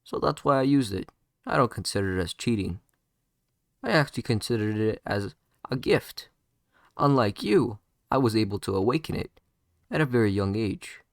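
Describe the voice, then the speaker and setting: A man's voice: on the low side, expressive, moderate pace, no room sound, clean studio sound. A man voicing a cocky, mocking teenage boy ninja, taunting with lots of fillers and restarts.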